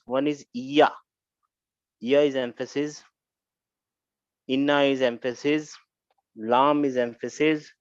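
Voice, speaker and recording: A male Arabic grammar teacher leading a live online class, repeating phrases and checking on students with quick "huh?" prompts. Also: a little high, dry recording, muffled recording.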